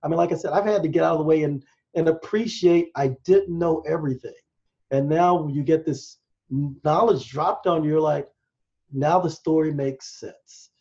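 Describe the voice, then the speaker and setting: An enthusiastic American man talks in a rambling, excited way as a podcast guest, explaining science as he goes. His voice sits a little high and sounds mellow and warm. The recording is slightly muffled and lo-fi. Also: normal speed, vocal fry. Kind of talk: casual interview talk.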